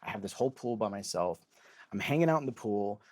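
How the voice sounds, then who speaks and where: A man's voice: fairly low pitch, animated, quick pace, a little mellow, dry recording. A man, a comedian, telling a long story in casual chat, rambling with lots of "like" and acting out what people said. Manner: rambling, heavy use of "like", acts out quoted voices. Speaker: comedian guest.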